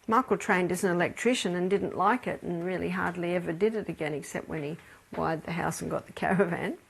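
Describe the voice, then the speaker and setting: This health educator speaks in a mid-range, creaky voice with an Australian accent. Her lecture on health is story-driven and chatty, with laughter breaking up the anecdotes.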